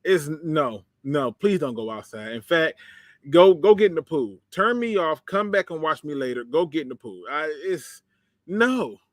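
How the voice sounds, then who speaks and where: Animated man hosting a sports livestream. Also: a little high, normal speed, no room sound, studio quality. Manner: animated, sarcastic, laughs often, talks to chat. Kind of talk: casual livestream commentary, reading chat.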